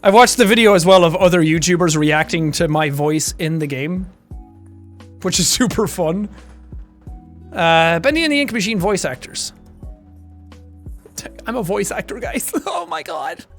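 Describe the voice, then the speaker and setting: A young Irish man chatting casually on a stream, animated and quick to laugh. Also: high-pitched, creaky, soft background music. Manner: animated, chatty, laughs often, slips into character voices.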